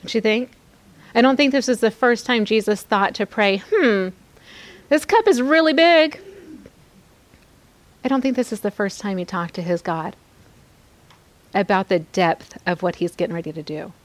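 A woman's voice: medium pitch, fairly even intonation, moderate pace, no echo. A woman hosting a devotional podcast, teaching scripture in an earnest, exhorting way, repeating phrases for emphasis and adding candid, confiding asides.

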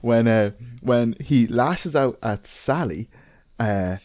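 A man's voice: medium pitch, expressive, takes it slowly, darkish tone, no room sound. A man co-hosting a podcast, chatting casually and animatedly, swearing and acting out scenes. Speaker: podcast co-host. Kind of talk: casual chat.

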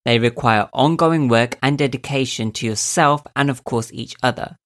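A young man with a voice he calls squeaky and nasal, giving calm, earnest motivational advice to camera as a self-help video host. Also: normal speed. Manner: calm, earnest, coaching tone with rhetorical questions. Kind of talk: reflective motivational talk to camera.

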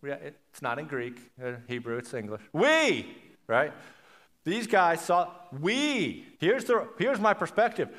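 Conversational preacher man, higher voice. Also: animated, a little slow. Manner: conversational preaching, swings between loud emphasis and quiet lows; acts out quoted voices in asides. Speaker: pastor. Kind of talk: sermon.

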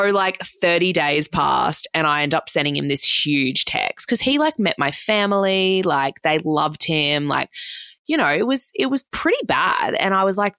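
A young Australian woman with a low voice and a gravelly edge tells a personal story in a casual, run-on way. She swears freely and fills her sentences with "like". The sound is dry and close. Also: expressive, a bit bright, no echo. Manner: swears freely, fast run-on anecdote full of "like".

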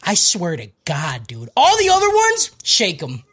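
A man voicing a hot-headed teenage boy sorcerer from an anime, growling low threats to protect a friend. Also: rapid-fire, natural voice. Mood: threatening.

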